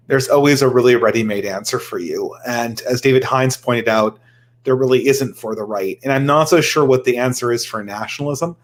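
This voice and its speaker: A man's voice: mid-range voice, normal speed. A man speaking as a guest in a casual panel discussion, thinking aloud in a conversational way.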